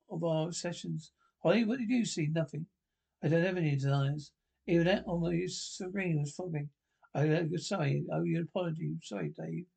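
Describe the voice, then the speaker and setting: A man's voice: on the high side, gravelly, warm tone. A man reading a comedy TV script aloud, voicing every part himself and reading the stage cues plainly between the lines. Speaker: podcast reader.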